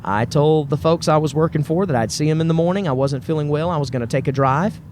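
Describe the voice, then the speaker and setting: A man's voice: on the high side, fast, noisy background. A man hosting a podcast, telling a personal story in a casual, enthusiastic and rambling way, often repeating himself and restarting phrases. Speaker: podcast host.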